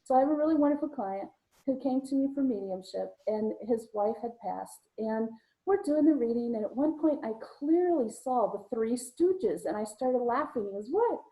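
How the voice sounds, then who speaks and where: A woman with a fairly high but mellow voice chats on a video call. She tells anecdotes in a casual, easygoing way and laughs readily. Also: animated, poor audio. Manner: chatty storytelling, quick to laugh. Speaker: psychic medium co-host.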